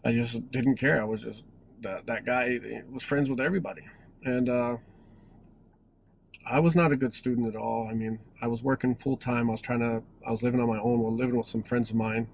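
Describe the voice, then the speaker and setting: A man's voice: mid-range voice, fairly even intonation, a little fast, gravelly, a little mellow, slight background noise, poor audio. A man in his forties telling a personal story in a casual, rambling way, with many restarts and self-corrections. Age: 40s. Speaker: vlogger.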